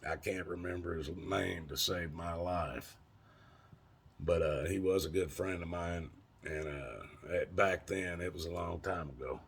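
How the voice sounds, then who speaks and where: A man's voice: low-pitched, steady tone, measured pace, gravelly, slight background noise. A man telling rambling, folksy, profane stories to his viewers in casual vlog style. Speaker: vlogger. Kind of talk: casual storytelling.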